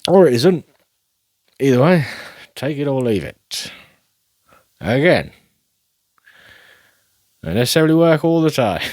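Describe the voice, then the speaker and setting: A man with a lowish voice talks slowly through a rambling solo chat. He mocks himself and laughs a lot, and the sound is dry and close. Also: no echo. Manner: rambling, self-mocking, laughs often. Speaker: podcast host. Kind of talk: casual solo monologue.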